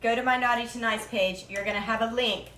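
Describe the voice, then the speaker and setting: A woman's voice: on the high side, steady tone, brisk, very noisy. A woman hosting a live cooking demo from her home kitchen, chatty and playful, slipping into silly rhymes as she works. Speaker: cooking show host. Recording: echoey kitchen with clattering dishes.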